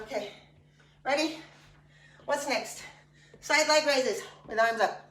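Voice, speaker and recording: Woman coaching a workout class, high pitched, lots of encouraging chatter, echoey room. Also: slow pace, fairly bright tone, distant mic. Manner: chatty, encouraging, jokey asides. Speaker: fitness instructor. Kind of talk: guiding an exercise class.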